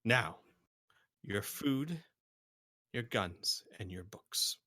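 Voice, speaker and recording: A man voicing a small, scruffy male creature who leads a gang and blusters, dropping into a hushed growl. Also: lowish voice, animated, drawn-out words, exaggerated voice. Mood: blustering.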